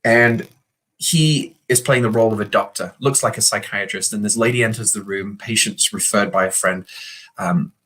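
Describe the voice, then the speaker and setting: A middle-aged man hosts a motivational video talk, earnestly telling stories and acting out the voices within them. His voice sits on the low side with a fairly bright tone and a breathy edge, at a moderate pace.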